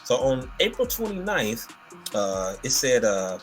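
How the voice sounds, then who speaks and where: Male podcast host, casual and animated storyteller, full of fillers, light music bed. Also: mid-range voice, measured pace.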